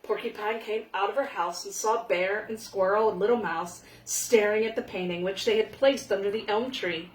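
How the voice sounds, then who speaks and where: A woman reading a children's picture book aloud in a gentle, expressive way. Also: mid-range voice, normal speed, hardly any pauses. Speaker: storyteller. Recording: echoey room.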